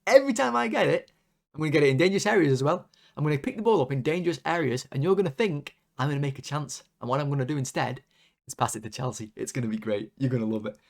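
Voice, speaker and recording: A man's voice: on the high side, animated, fast talker, vocal fry. A man mimicking a smug male footballer who gloats about a silly trick, with a teasing, sing-song delivery. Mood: mocking, gloating.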